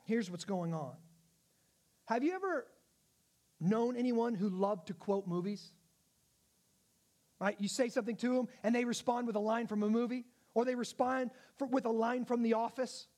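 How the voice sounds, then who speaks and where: A man's voice: very high-pitched, moderate pace, pauses often, a little mellow. A male pastor giving a conversational sermon, often checking in with his listeners. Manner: conversational, asks the audience questions.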